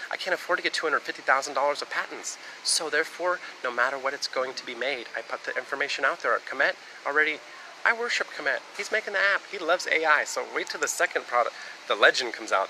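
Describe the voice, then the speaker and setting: A man's voice: medium pitch, sharp tone, slight background noise, low-quality recording. A man from the United States talking on a live stream in a rambling, casual monologue that jumps between topics and swears freely.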